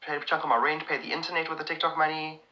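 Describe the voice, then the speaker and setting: A South African comedian chatting casually on a live stream, answering viewers' comments in a rambling, excitable way with many restarts. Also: male voice, a little high, racing, dull audio.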